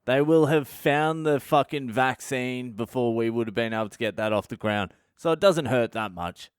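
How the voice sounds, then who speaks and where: A man's voice: medium pitch, normal speed, clear, resonant tone, no room sound, clean studio sound. Profane, ranting Australian man. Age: middle-aged. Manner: profane, ranting, self-mocking. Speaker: comedian podcast host. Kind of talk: comic storytelling monologue.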